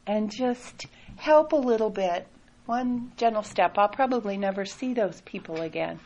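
A woman telling a personal story in a soft, reflective way, often laughing lightly. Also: mid-range voice, normal speed, dull audio. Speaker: speaker sharing a personal story.

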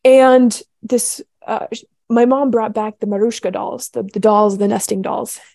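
A young woman talking through her faith in a loose, heartfelt way, circling back on herself with fillers and restarts. Her voice is mellow and gravelly with a dry, close sound. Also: on the high side, level tone, unhurried, dry recording. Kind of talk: casual spiritual talk.

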